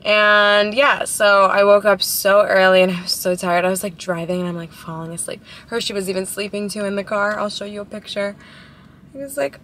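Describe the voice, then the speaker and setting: Chatting away for her vlog at a drive-thru, this roughly twenty-year-old from Ohio speaks at a moderate pace with fairly even intonation. Her voice is medium in pitch and fairly bright, and the in-car camera picks up slight hiss or hum.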